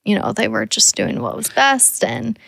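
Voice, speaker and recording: A woman in her thirties co-hosting a podcast, relaxed, giving short agreeing replies with soft laughs. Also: fairly high pitch, normal speed, creaky, husky, dry recording, clean studio sound. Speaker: podcast co-host. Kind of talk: casual chat.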